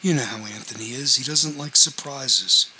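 A man voicing an uneasy middle-aged mother who speaks softly and placatingly in an audiobook. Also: mid-range voice, normal speed, a little hiss or hum, low-quality recording.

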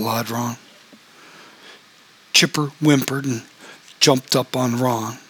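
A man reading an audiobook in a steady, even storytelling voice. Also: medium pitch, unhurried, slightly rough. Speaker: audiobook narrator.

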